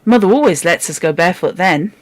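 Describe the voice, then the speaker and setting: A woman reading aloud voices a young girl who gently soothes her little brother. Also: lowish voice, animated, fast talker, no echo, close to an everyday voice. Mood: cheerful.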